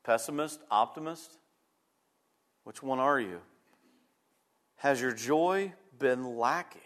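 A man pastor preaching a sermon, emphatic and repeating his key phrases, swinging between loud bursts and quiet moments. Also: medium pitch, slow pace.

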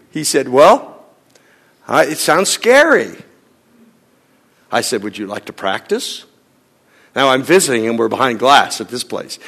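A man, a pastor, telling a story in a sermon and acting out both sides of a conversation, sometimes dropping to a hushed near-whisper. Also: medium pitch, gravelly. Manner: acts out both sides of a dialogue, drops to a hushed near-whisper in tender moments.

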